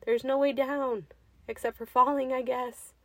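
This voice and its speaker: A woman voicing a calm man reassuring his lost hiking companion from above. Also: sits high, measured pace, no room sound, full character voice. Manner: steady, reassuring.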